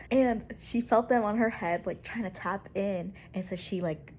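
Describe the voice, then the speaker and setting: A young woman recapping a book she is reading, gushing and excitable and peppering her talk with "like". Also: mid-range voice, moderate pace, hardly any pauses. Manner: gushing, excitable, heavy use of "like". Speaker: book vlogger. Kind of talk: casual chat recapping a book.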